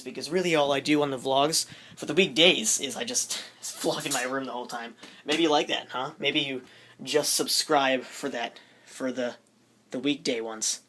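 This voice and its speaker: A man's voice: mid-range voice, sharp tone. A teenage boy rambling in a goofy, jokey way for his vlog, interrupting himself often. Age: teens. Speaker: vlogger. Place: his room.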